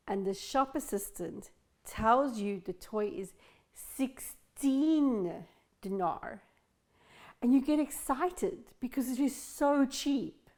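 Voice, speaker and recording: A woman from Tunisia leads an English lesson for learners. She speaks slowly and carefully, stressing each sound clearly, and her voice sits a little high. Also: darkish tone. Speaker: English teacher.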